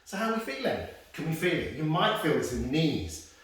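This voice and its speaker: A man's voice: fairly high pitch, big pitch swings, fairly quick, a bit bright, very echoey, recorded from a distance, poor audio. A man leading an exercise class, upbeat and encouraging, counting down reps and cracking self-deprecating jokes. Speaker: fitness instructor. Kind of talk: guided exercise class instruction.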